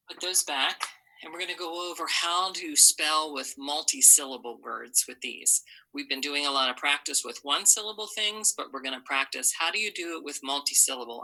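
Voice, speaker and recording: Woman teacher, super low voice but really bright tone, patient phonics lesson. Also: poor audio. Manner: patient, step-by-step instructions, models sounds for repeating. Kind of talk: phonics lesson to young students.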